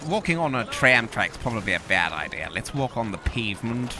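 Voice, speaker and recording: Pompous man with a lively voice. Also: mid-range voice, fairly quick, noisy background. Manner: theatrical, pompous, posh-mannered. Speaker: gaming host in character. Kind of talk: comedic gameplay commentary. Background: game music and sounds.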